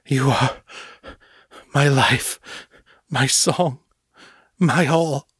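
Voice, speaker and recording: A man voicing an aging male musician who sounds out of breath and enthralled in a dark audio story. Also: mid-range voice, extremely slow, husky, no room sound, voice pushed up, full character voice.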